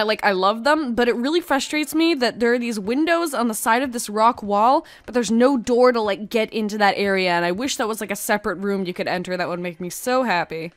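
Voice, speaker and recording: High-voiced playful woman gamer. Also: fairly bright tone, no echo. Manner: playful, jokey and self-mocking. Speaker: gaming video host. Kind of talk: casual gameplay commentary.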